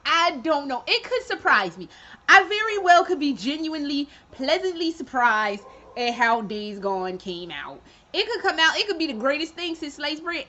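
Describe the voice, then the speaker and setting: Sarcastic, bright-voiced woman gaming vlogger. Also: high voice, dull audio. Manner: candid, sarcastic, swearing, with laughs; acts out her own reactions in quoted asides. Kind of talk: casual chat.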